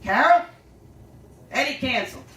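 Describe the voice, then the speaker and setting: A woman voicing a gruff, blunt older male restaurant owner who talks loud and curt and swears. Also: high-pitched, lively intonation, normal speed, pitched above the performer's own voice. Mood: demanding. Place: small storytelling venue stage. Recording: roomy live stage sound, distant and noisy.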